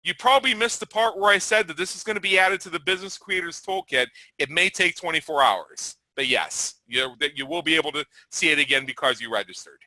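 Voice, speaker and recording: A man's voice: a little high, fairly quick, hardly any pauses, bright, forceful tone, no echo, low-quality recording. A man hosting a webinar presentation, talking through his scheduling page and answering questions in an upbeat, salesy manner. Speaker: webinar host.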